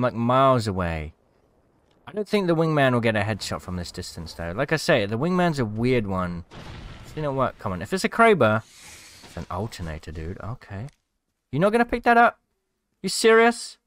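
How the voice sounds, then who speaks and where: A man's voice: mid-range voice, no room sound. A man giving casual commentary over gameplay, cheering at the screen and mocking the players he watches. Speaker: gaming commentator.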